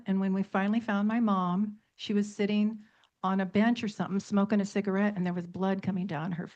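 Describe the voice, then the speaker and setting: Middle-aged woman, radio guest author, emphatic storyteller who piles up lists, medium pitch, muffled lo-fi radio sound. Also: a little mellow. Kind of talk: radio talk show discussion. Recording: dull lo-fi radio audio.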